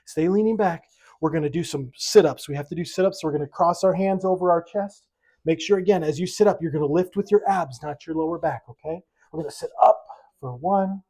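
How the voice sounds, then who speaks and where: An instructor leads a seated exercise class at home, counting each rep aloud. The coaching is upbeat, steady and mid-pitched, broken up by light jokes. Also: brisk. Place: at home with pets around.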